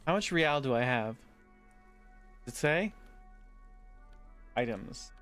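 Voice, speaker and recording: A man's voice: medium pitch, expressive, takes it slowly, a bit bright, soft background music. Casual male streamer reading options. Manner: reads dialogue options aloud, offhand. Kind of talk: casual gameplay commentary.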